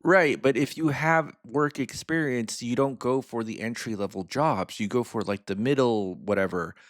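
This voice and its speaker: A man's voice: medium pitch, moderate pace, no echo, studio quality. A man hosting a reaction video, chatting frankly in a casual way and often checking in with "right?".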